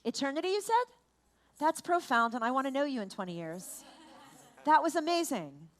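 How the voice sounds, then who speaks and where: A high-pitched woman leads a family service in a playful, animated way, quizzing children and cheering their answers. Her voice sometimes drifts a little away from the microphone in a large room. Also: moderate pace. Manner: animated, playful, exclaiming and asking children questions. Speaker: rabbi leading a family service.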